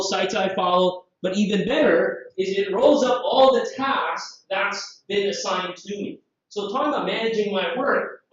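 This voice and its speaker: A man from Southeast Asia giving a live conference software demo, lively and jokey, full of rhetorical questions. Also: high voice. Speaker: conference presenter. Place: conference room. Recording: very echoey, distant, dull hall sound.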